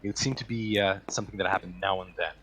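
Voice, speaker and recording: A man's voice: low-pitched, steady tone, quick pace, a bit bright. A man narrating a tabletop game as game master, with frequent hesitant fillers.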